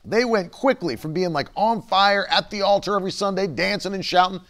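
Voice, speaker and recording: High-voiced, emphatic male preacher. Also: fairly quick, a bit bright. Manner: emphatic, repeats key phrases, acts out quoted voices. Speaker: pastor. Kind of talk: sermon.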